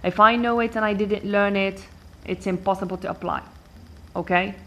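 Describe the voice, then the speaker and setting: A woman teaching an English lesson, explaining slowly and patiently and repeating key words. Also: mid-range voice, fairly even intonation, pushed and bright, slight background noise. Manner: patient and repetitive, switching between English, Arabic and French. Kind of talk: language lesson explaining word stress.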